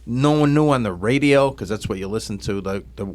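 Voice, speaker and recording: A man's voice: fairly low pitch, fairly quick, slight background noise. A man from co-hosting a casual sports podcast, telling stories and acting out the people in them. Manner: storytelling, acts out quoted voices, laughs while telling. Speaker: podcast co-host.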